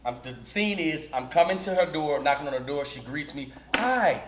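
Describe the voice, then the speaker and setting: A man hosting a podcast and telling a story in a loud, theatrical, comic way. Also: a little high, a little fast. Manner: loud, theatrical, jumps between voices. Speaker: podcast host. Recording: roomy studio sound with faint noise.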